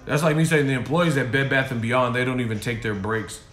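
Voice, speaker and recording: A man's voice: medium pitch, fairly quick, a bit bright, faint music behind. A man ranting on a stream in a profane, mocking way from a hotel room. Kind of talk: casual rant. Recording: echoey room.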